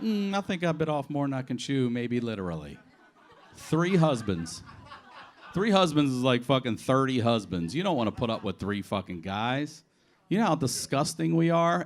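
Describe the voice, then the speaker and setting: Profane stand-up comic telling stories. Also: male voice, medium pitch. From Baltimore, USA. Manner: profane, animated storytelling with acted-out quotes. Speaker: stand-up comedian. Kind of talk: improvised stand-up on audience requests. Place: comedy club stage.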